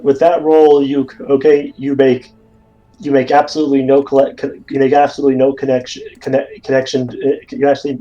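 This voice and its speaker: A man's voice: mid-range voice, dark tone, muffled recording. A man playing a tabletop game, chatting casually and stumbling over his words with many restarts. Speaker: player.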